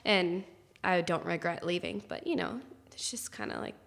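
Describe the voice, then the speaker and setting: A woman from Maine talks in a casual, candid way, often laughing. Her voice is low and gravelly, with some vocal fry. The room gives it a long, lingering reverb. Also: moderate pace, a bit bright. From Northern Maine, USA. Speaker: guest. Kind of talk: casual chat.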